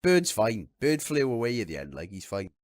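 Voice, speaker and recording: A man's voice: lowish voice, huge pitch swings, normal speed, dry recording, clean studio sound. A man co-hosting a casual podcast, laughing often and making blunt, sweary wisecracks. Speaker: podcast co-host.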